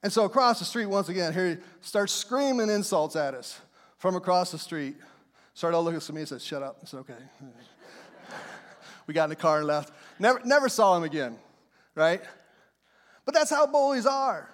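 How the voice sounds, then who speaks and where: A man's voice: sits high, animated, moderate pace, long pauses, fairly bright tone, long reverb tail. A middle-aged man preaching a sermon as a pastor, telling stories in a folksy, plain way. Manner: folksy storytelling, plain speech.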